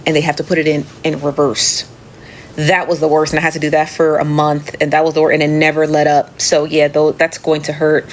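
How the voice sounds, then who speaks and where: A woman with a low voice chats casually on a live show, answering comments and cursing freely. She laughs easily and calls her viewers "friend." A faint hiss sits under the recording. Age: adult. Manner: chatty, profane, laughs often, talks straight to viewers as "friend". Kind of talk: casual chat.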